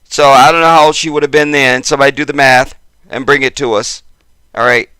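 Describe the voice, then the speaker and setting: A man's voice: medium pitch, steady tone, a little fast, sharp tone, clear, resonant tone, dry recording. A man hosting a casual commentary video, talking straight to his viewers and getting worked up as he repeats himself. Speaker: channel host.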